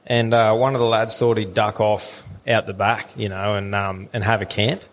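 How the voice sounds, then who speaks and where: A man's voice: fairly low pitch, flat delivery, moderate pace. A man with an Australian accent co-hosting a podcast, telling rambling, swear-filled stories with a lot of laughter. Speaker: podcast co-host. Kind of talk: casual chat.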